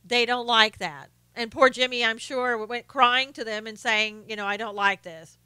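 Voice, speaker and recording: A woman hosts her own live stream, talking through her opinions in a casual way and stopping to greet viewers from the chat. Her voice is bright and crisp, sitting a little high. The sound is close and dry, with no room echo. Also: moderate pace. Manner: opinionated, greets viewers by name, frequent fillers and restarts. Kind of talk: casual political commentary.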